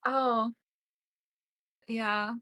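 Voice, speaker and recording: A woman's voice: on the high side, fairly even intonation, extremely slow, bright, forceful tone, smooth. Laid-back, amused woman co-streamer. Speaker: stream co-host. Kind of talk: casual stream chat.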